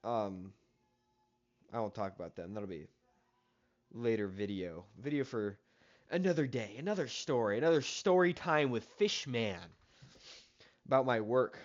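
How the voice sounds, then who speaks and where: A man's voice: medium pitch, lively intonation, unhurried, long pauses, highs cut off. A young man telling a casual story about a coworker in a rambling, exasperated way, with plenty of swearing. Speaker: story-time vlogger.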